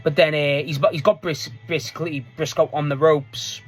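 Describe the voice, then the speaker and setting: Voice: mid-range voice, steady tone, moderate pace, breathy edge. A speaker giving a casual, rambling recap of a wrestling match. They swear freely, laugh often and restart sentences a lot. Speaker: wrestling show reviewer.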